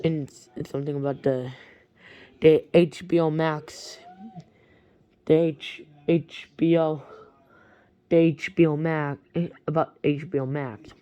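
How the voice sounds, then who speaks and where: Slow, halting woman telling a story. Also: sits low, fairly even intonation, mellow, clean tone, no echo. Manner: halting, with many restarts and repeated words. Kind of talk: casual rambling story retelling.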